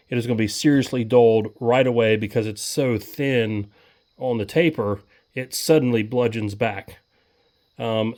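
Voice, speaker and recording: Next to his tractor outside, a man walks viewers through a task in a casual, folksy ramble, using lots of fillers; he's an equipment vlogger. The mid-range voice has a darkish tone, recorded without echo.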